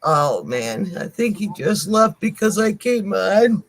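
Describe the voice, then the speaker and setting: An older woman co-hosting a live stream, apologizing to viewers in halting speech with many pauses and repeated words. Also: medium pitch, sing-song, rough recording.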